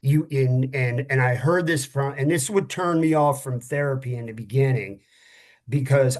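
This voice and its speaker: A middle-aged former police officer talks frankly on a candid, conversational podcast, sounding a little tired. His mid-range voice is a little mellow, and he often pauses to search for words and swears casually.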